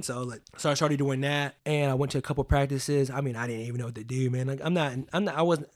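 A man's voice: mid-range voice, steady tone, quick pace, hardly any pauses. Earnest young man telling stories. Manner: earnest, heavy use of "like" and "you know what I mean". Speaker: podcast guest. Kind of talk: casual personal storytelling.

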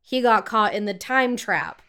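A woman's voice: mid-range voice, unhurried, sharp tone. Chatty young woman asking questions. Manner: inquisitive, chatty, uses "like" often. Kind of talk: casual movie review chat.

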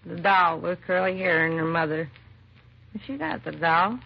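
A woman's voice: on the low side, moderate pace, vocal fry. An actress playing a drunk, grieving young mother in her late twenties, weary and slurring, in an old radio crime drama. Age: late 20s. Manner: slurred, weary, self-accusing. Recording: dull lo-fi old radio recording.

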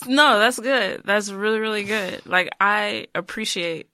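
A man hosting a podcast, asking questions in a relaxed, casual way with lots of "like" fillers. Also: sits high, measured pace. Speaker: podcast host. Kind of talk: casual interview chat.

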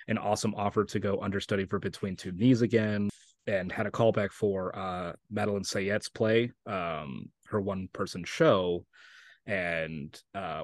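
A man's voice: on the low side, no room sound. A young man from New Mexico, an actor guest talking casually in an interview, rambling with lots of fillers and frequent laughs. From Santa Fe, New Mexico.

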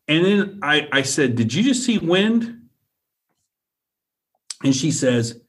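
Man, mid-pitched voice, earnest first-person storyteller, repeats himself and keeps checking in with the listener. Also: expressive, a little slow. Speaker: guest telling a personal encounter.

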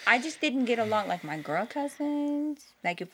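A woman's voice: on the high side, normal speed, slight background noise. A young woman from Texas with a light Texan accent, chatting casually as a co-host and telling stories animatedly with frequent laughter. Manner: animated storyteller, laughs often, does voices in quotes. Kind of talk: casual chat.

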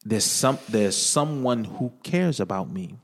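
A man's voice: on the low side, animated, a little slow. A man on a podcast, earnestly telling his personal testimony in casual conversation, often repeating his phrases. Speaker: podcast guest. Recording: echoey room with long reverb.

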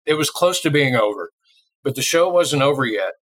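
Telling a relaxed interview anecdote at normal speed, this middle-aged Illinois drummer has a mid-range voice and a lively storytelling style, doing voices for the people he quotes. The recording is low quality.

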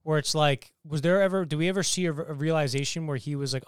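A man co-hosting a casual film podcast talks in an animated way, swears a lot, and acts out lines from scenes. His voice sits a bit high and sounds smooth and clear, with a dry, close sound. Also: fast talker, hardly any pauses, no echo. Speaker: podcast co-host. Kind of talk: casual chat, film review.

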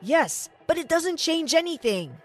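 A woman doing a furious pawn shop owner for an animated story, high and swooping, shouting his charges. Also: measured pace, faint music behind, exaggerated voice. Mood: angry. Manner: shouting, accusing. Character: angry accusing male pawn shop owner.

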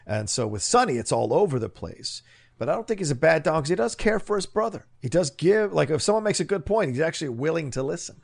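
A man co-hosting a film podcast, talking in a rambling, animated way and laughing easily. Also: a little high, quick pace, gravelly. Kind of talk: casual film discussion.

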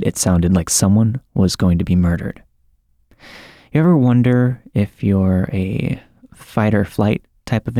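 A man narrating a scripted horror story in a measured, dramatic way. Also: low-pitched, mellow, dry recording, clean studio sound. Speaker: podcast narrator.

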